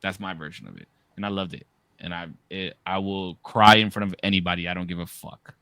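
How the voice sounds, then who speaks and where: A man in his thirties co-hosting a podcast, telling profane, animated stories and shouting the quoted lines. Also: deep voice, a little fast, no room sound. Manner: animated, profane storytelling with loud quoted outbursts. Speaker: podcast co-host. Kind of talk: casual storytelling.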